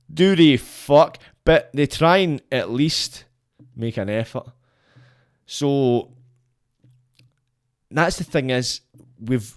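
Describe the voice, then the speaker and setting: A young Scottish man, a podcast guest, ranting bluntly in casual chat, swearing a lot and shooting up in pitch when he gets worked up. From Scotland.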